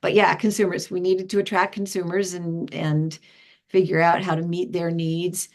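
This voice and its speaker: An older woman, a retired founding director, is the guest in a conversational interview, talking at a moderate pace. She tells stories with real liveliness, acting out the voices of the people she quotes with jumps in pitch.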